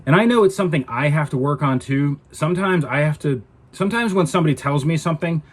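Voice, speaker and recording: A man's voice: fairly high pitch, fast talker, husky. A man ranting to camera in a casual vlog, indignant and exasperated. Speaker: vlogger.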